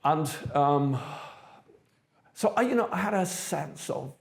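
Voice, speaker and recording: An older man from South Africa, an interviewee recounting his past in a measured, thoughtful way with frequent pauses. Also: fairly high pitch, lively intonation, vocal fry. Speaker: interviewee, theatre director. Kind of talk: reflective personal recollection.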